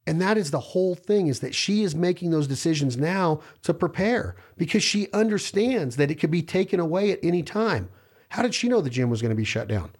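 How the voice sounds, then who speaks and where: A man's voice: a little high, lively intonation, brisk, darkish tone, breathy edge. A man talking in a rambling casual chat, telling stories and acting out what people say to him. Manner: rambling, storytelling, acts out quoted voices. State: hungry while fasting.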